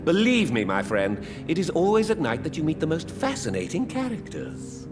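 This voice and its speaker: An actor playing a genial, oddly cheerful shopkeeper who relishes fine food, speaking theatrically. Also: male voice, on the high side, wildly swooping pitch, moderate pace, over music. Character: jovial male gourmand shopkeeper, oddly cheerful.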